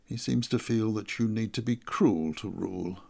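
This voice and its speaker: A man narrating a first-person story in a measured, reflective way. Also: lowish voice, vocal fry, warm tone.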